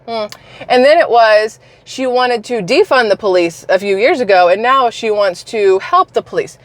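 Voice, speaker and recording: A woman's voice: on the high side, moderate pace, no echo. A woman vlogger giving a casual, emphatic opinion rant, talking straight to her viewers with open scorn. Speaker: political commentary vlogger.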